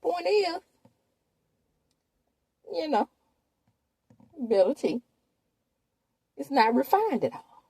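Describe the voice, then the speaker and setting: Husky lady from dishing on a reality show, mellow dry sound. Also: sits high, big pitch swings, drawn-out words, pauses often, no room sound. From Mississippi, USA. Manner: chatty, gossipy, talks straight to viewers. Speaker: host. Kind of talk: casual reality-TV recap commentary.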